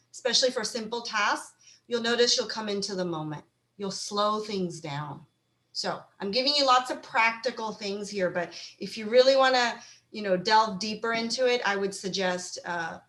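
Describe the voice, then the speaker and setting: A woman's voice: mid-range voice, a bit bright. A woman leading a mindfulness talk over a video call from a room at home, coaching listeners through small everyday exercises in a conversational way. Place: home room with a blue wall. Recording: roomy echo from a home room.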